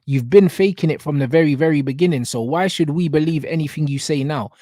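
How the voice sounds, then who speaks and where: A man breaks down rap lyrics in a heated, animated rant, dropping a low "bro" after nearly every phrase. His voice sits a little high, and the sound is dry and close, with no room around it. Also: fast talker, no room sound. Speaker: reaction channel host. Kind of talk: rap reaction commentary.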